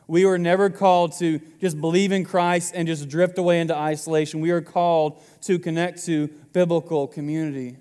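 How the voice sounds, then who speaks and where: Young pastor preaching in a reverberant hall. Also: male voice, a little high, steady tone, brisk, few pauses, dark tone, smooth. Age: 20s. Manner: casual, joking preacher talking to the congregation. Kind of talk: sermon.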